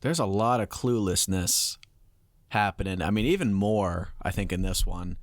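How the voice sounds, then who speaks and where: A lower-voiced man co-hosts a relaxed podcast, rambling and hedging with lots of "um" and "I don't know." The sound is close and dry. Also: normal speed, dry recording. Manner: hesitant, rambling with many fillers. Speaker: podcast co-host. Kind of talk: casual chat.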